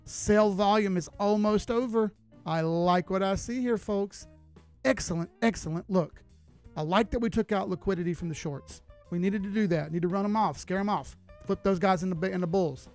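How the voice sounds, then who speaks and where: High-pitched guy streaming chart analysis, folksy and chatty, soft music in back. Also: moderate pace. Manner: casual, folksy, chats with viewers while reading charts.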